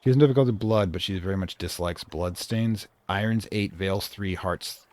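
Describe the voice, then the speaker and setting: A man's voice: low voice, moderate pace, a little mellow. A man hosting a let's play, casually thinking aloud and reading game text.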